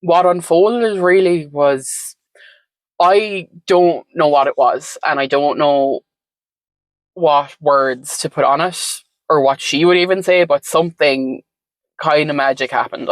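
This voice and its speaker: A woman's voice: deep voice, unhurried, dry recording, low-quality recording. Reflective woman with dry sound. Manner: reflective, meandering, frequent "like" and "um" fillers. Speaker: podcast guest. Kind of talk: conversational storytelling.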